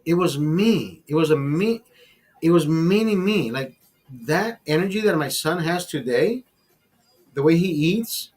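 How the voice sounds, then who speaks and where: A man hosting a casual podcast, telling a long profane story in a rambling, animated way. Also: high-pitched. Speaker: podcast host.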